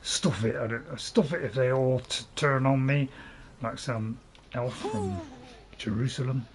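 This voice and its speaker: A man's voice: medium pitch, unhurried, noisy background. A man giving casual, rambling commentary while playing a game, chuckling to himself now and then. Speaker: gaming video host.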